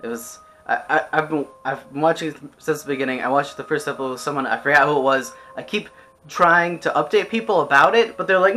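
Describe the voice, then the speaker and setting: Bright, rambling exasperated ranter. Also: medium pitch, fast. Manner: rambling and exasperated, frequent restarts and swearing. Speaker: anime reviewer. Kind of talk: casual ranting review.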